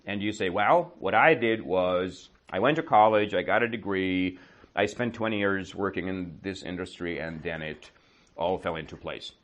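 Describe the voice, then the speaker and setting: A man teaching idioms in an English class, joking and quizzing his students, slowing down and going quiet on the example phrases. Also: low-pitched, muffled recording.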